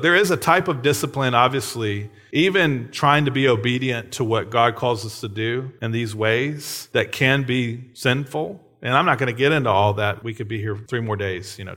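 Male pastor, 30s, relaxed conversational sermon, mid-pitched voice, keeps asking the room "right?". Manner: conversational, frequent tag questions.

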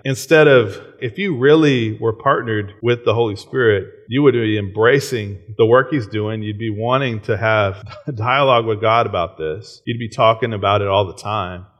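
A man's voice: medium pitch, moderate pace, a bit bright. A man in his thirties preaching a sermon in a casual, conversational way, often checking in with "right?" and chuckling. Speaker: pastor.

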